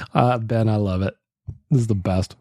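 A man's voice: lowish voice, warm tone, dry recording, studio quality. A man hosting a casual podcast, joking, swearing and laughing as he reacts to listener voicemails. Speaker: podcast host.

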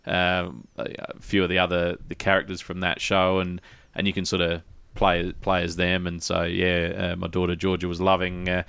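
Low, smooth-voiced man, rambling. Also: completely flat delivery, moderate pace, hardly any pauses, a bit bright, dry recording. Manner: rambling, many restarts and fillers. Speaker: podcast host. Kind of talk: casual chat.

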